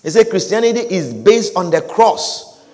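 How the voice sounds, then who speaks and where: A man preaching a sermon, animated and repetitive, with calls of hallelujah and amen. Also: sits high, moderate pace, long reverb tail.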